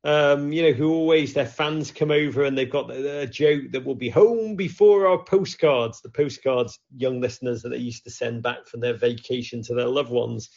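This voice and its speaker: Animated man with a gravelly voice. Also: medium pitch, moderate pace, hardly any pauses. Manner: animated, joking, swings from loud to hushed. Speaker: host. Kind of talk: lively football chat show with callers. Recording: dull lo-fi sound.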